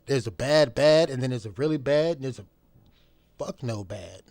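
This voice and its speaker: A man's voice: normal speed, no echo. Blunt, profane man in a dry room. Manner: blunt, profane, swings between loud emphasis and low mutters; laughs between points, repeats phrases for emphasis. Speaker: vlogger. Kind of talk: casual profane monologue.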